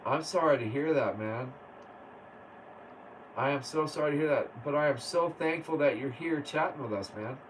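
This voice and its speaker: On a distant mic with faint background noise, a livestream host chats in a laid-back way, reading viewer comments aloud and laughing a lot. He's a man with a voice on the high side, speaking at normal speed.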